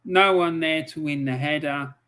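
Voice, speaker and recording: A man giving live match commentary on a stream, swearing often and breaking into angry outbursts between calm play-by-play. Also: fairly high pitch, moderate pace, smooth.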